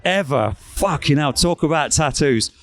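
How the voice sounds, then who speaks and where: A man's voice: on the high side, measured pace. Man telling stories. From England, East Midlands. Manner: animated, acts out quoted voices, swears freely. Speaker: guest. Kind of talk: anecdotal storytelling. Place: backstage at a rock festival.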